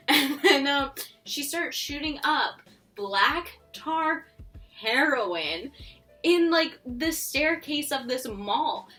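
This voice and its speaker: A woman's voice: high voice, animated, drawn-out words, sharp tone, recorded from a distance, faint music behind. A woman vlogger telling a story in a casual, chatty way, laughing often and filling her talk with "like". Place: home near a busy road.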